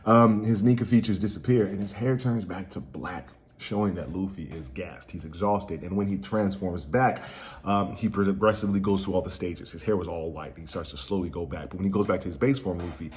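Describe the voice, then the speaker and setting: A man hosting his own channel, excitedly recapping manga spoilers in a slangy, casual way full of jokey asides. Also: low-pitched, fairly quick. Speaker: anime channel host.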